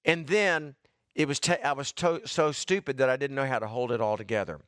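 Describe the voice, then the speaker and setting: A man's voice: mid-range voice, fairly quick, fairly bright tone, no echo, clean studio sound. A middle-aged man preaching a sermon in an earnest, conversational way, calling on people in the congregation by name.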